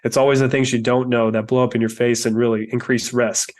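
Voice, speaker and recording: A man's voice: mid-range voice, flat delivery, a little fast. Earnest man reflecting as a guest. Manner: earnest, reflective, thinks aloud with many fillers. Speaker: real estate investor, podcast guest. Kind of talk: interview podcast.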